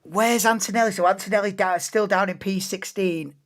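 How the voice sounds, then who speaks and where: A man's voice: sits high, steady tone, fairly quick. A man doing casual live race commentary on a stream, chatting and thinking aloud between calls of the action.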